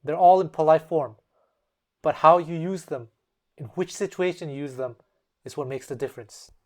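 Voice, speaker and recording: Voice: medium pitch, normal speed. Casual, chatty language-lesson host. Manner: explains step by step and acts out example phrases in shifting tones.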